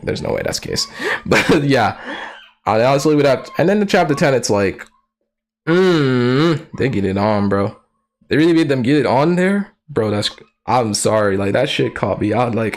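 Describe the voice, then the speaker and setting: A streamer giving casual live commentary, slangy and profane, who laughs often and breaks into excitable outbursts. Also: medium pitch, brisk.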